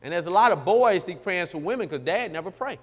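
High voiced middle-aged preacher guy, folksy and jokey, long reverb around him. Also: expressive, fast talker. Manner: folksy, joking, emphatic, mocks formal prayer. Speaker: pastor. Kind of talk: sermon-style radio talk.

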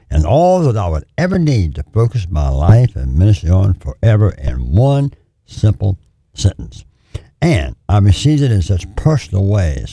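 Gravelly, deep-voiced preacher man. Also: mellow, no echo. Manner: earnest, pleading, repetitive emphasis. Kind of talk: call-in ministry sermon.

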